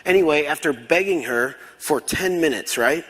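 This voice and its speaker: A man's voice: fairly high pitch, normal speed. A man telling a story as a conference speaker, acting out dialogue in different voices. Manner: animated, acts out dialogue. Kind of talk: storytelling keynote talk. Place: large conference hall. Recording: long hall reverb.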